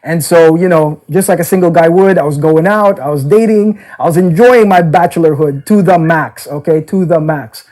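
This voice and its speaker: A man's voice: a little high, normal speed, few pauses, darkish tone, rough recording. A man casually recounting his past as a dating seminar teacher, peppering his talk with "okay?" and "like". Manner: frequent "okay?" and "like" fillers. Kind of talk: casual storytelling interview. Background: children.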